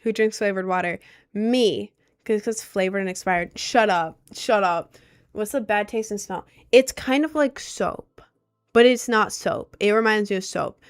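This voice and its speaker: Young woman rambling on a stream, lowish natural voice, talking back to chat. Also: measured pace, clean tone, faint music behind. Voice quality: natural voice on the low side. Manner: chatty, rambling, reacts aloud to chat. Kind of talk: casual livestream chat reading comments.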